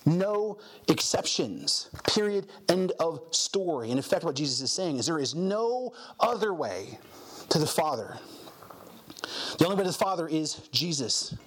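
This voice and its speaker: A man's voice: a little high, very animated, normal speed, breathy edge. A man preaching a sermon as pastor, emphatic and repeating key phrases for weight.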